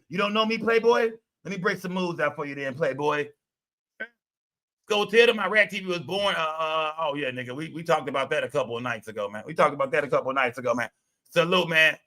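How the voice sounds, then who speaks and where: A man hosting a livestream, loud and profane, reacting to his chat in casual commentary. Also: fairly high pitch. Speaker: livestream host.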